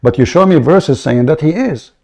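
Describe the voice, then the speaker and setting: A man's voice: a little high, lively intonation, moderate pace, vocal fry, a little mellow. A man hosting a heated live debate, mocking and interrupting his opponent and repeating his words. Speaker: debate host.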